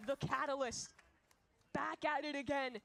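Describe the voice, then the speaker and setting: A woman casting an esports match with brisk, analytical play-by-play commentary on a broadcast feed. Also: sits high, steady tone, vocal fry. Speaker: esports caster. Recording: broadcast feed with crowd behind.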